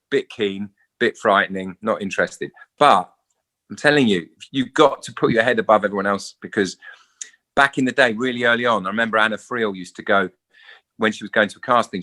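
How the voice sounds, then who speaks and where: A middle-aged English actor, a guest in a casual interview, telling stories animatedly and acting out quoted voices. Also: male voice, on the low side, pushed and bright. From England.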